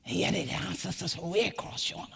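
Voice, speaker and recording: A woman with a Gullah Geechee accent, from the Sea Islands, giving a rhythmic spoken-word keynote that swings between whispers and shouts. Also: on the low side, fairly even intonation, brisk, vocal fry, breathy edge, in a large hall. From Sea Islands of the American Southeast. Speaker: community leader and keynote speaker.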